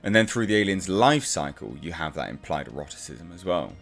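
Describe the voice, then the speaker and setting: A man delivers a casual review with sarcastic exasperation. His voice sits fairly low but leaps up and down with lively swings. Faint music plays underneath. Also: brisk, creaky. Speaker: comic book reviewer.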